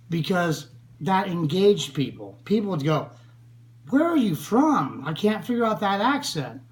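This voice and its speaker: An older man from the United States speaks about a friend he lost. His voice sits a little high for a man, and he talks slowly, with long pauses. His manner is earnest and grieving throughout. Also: rough recording. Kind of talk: spoken tribute.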